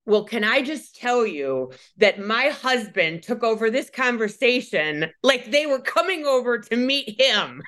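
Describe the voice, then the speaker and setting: A woman hosting a podcast, telling a story in casual chat with lively, animated delivery and frequent laughter. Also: fairly high pitch, measured pace, hardly any pauses. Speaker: podcast host.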